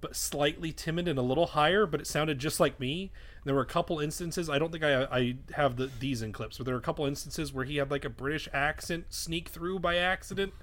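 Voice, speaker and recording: A man's voice: fairly high pitch, a little fast, fairly bright tone. A man co-hosting a podcast in casual chat, rambling with frequent swearing and restarts. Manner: rambling, swears often, self-interrupting restarts. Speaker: podcast co-host and editor. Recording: raw podcast mic.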